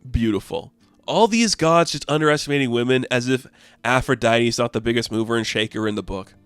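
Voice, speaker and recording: A man's voice: mid-range voice, fairly quick, fairly bright tone, clean tone, no room sound, faint music behind. A man casually recapping a comic book issue, chatty and enthusiastic.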